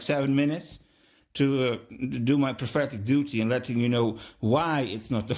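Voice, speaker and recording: A man's voice: medium pitch, a little mellow. A man hosting a podcast, a delivering an emphatic, preachy religious monologue with lots of repetition. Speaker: podcast host.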